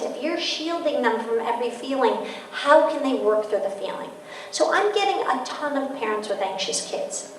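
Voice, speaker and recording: A woman's voice: high-pitched, normal speed, a little hiss or hum. Woman lecturing in an echoey hall. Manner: lively storytelling, acts out quotes. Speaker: parenting author giving a talk. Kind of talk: public lecture. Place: large hall with audience. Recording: echoey hall, distant mic.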